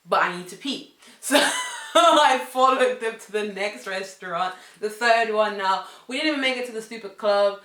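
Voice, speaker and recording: A young woman telling a casual story, swinging between loud outbursts and hushed asides. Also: medium pitch, moderate pace, hardly any pauses, a little hiss or hum. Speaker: vlogger. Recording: echoey room.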